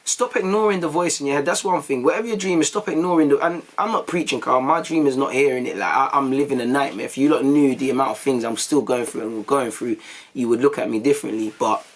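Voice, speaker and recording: A young man, a vlogger telling stories to his viewers in a casual, animated way, full of slang and acted-out quotes. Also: mid-range voice, fast talker. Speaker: YouTube vlogger.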